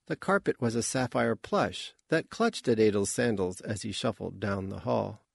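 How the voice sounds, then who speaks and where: A man reading a science fiction audiobook in a measured, even storytelling manner. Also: fairly low pitch, vocal fry, slightly rough, dry recording, studio quality. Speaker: audiobook narrator. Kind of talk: scripted narration.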